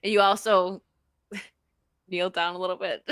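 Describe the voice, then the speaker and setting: A woman's voice: fairly low pitch, level tone, a little slow, a bit bright, clean tone, dry recording. A woman hosting a casual live-stream chat, reading out donations and laughing often. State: tired. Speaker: stream host.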